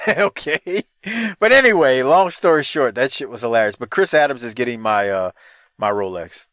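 Lively, bright-voiced male podcast host. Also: medium pitch, normal speed, dry recording, clean studio sound. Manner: animated, profane storyteller who laughs often. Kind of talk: casual podcast banter.

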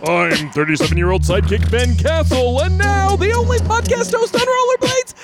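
A man doing a shrill, hyped TV announcer. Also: lively intonation, normal speed, over loud music. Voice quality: shouted, sing-song, very high. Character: booming male TV show announcer, hyped.

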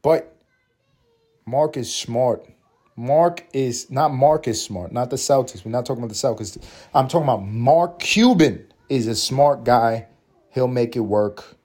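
A male podcast host rants solo, swearing freely and pushing his opinions hard. His voice is dark and mellow, pitched in the middle for a man. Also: measured pace. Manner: profane, animated and opinionated.

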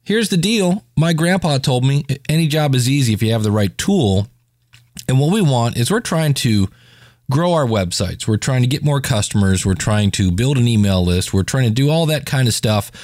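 A man's voice: mid-range voice, animated, moderate pace, darkish tone, dry recording, studio quality. A man hosting his own podcast, reviewing a web tool in a chatty, informal way with jokey asides. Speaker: podcast host. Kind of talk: casual solo podcast review.

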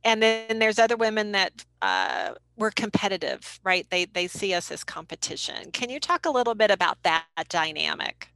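Bright, gravelly woman interviewer. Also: mid-range voice, animated, normal speed, few pauses, no room sound, poor audio. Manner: affirming, asks open questions. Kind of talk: interview conversation.

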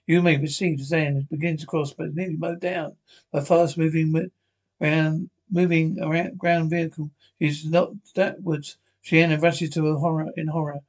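A man's voice: a little high, level tone, moderate pace. A man reading a science fiction episode script aloud, often stumbling and restarting words. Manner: stumbling, frequent restarts and slips. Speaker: podcast reader.

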